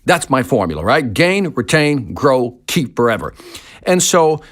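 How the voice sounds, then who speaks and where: Animated man telling a sales story. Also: medium pitch, unhurried. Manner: animated, emphatic, repeats key lines. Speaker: sales trainer and podcast host. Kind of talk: storytelling monologue.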